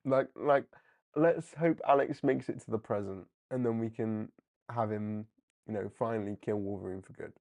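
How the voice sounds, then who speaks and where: A man hosting a live comic book discussion, animated and often laughing as he briefly acts out characters. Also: on the low side, moderate pace. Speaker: comic book livestream host. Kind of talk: casual live commentary.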